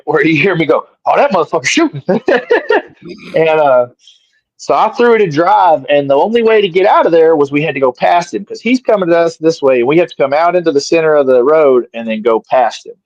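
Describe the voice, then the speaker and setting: A middle-aged man, appearing as an interview guest, casually tells a story and animatedly acts out his own lines. His voice is a little high, and the recording is dry and slightly dull with no echo.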